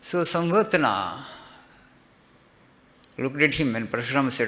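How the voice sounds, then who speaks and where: A man's voice: medium pitch, lively intonation, moderate pace, gravelly, long pauses, a bit bright. A man, a monk giving a spiritual discourse, retelling a legend with frequent "okay" checks and rhetorical lists.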